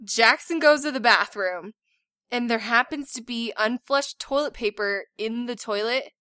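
A woman in her thirties, a mother and podcast co-host, telling a family story in a casual, animated way with lots of laughter. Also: a little high, measured pace, smooth, no echo. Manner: animated, laughing, acts out shouted quotes.

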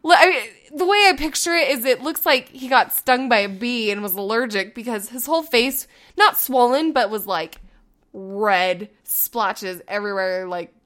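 A woman in her thirties, a mother telling a story in casual chat, animated and laughing often. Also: a little high, normal speed.

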